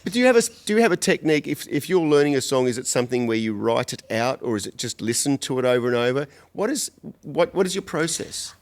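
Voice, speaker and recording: A man's voice: medium pitch, big pitch swings, fast talker. A man hosting a podcast, asking curious questions in a casual interview. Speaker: podcast host.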